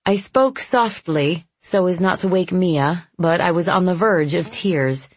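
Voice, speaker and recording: Husky low-voiced woman narrating softly. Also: no echo. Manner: soft, intimate, measured. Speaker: audiobook narrator. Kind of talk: first-person audiobook narration.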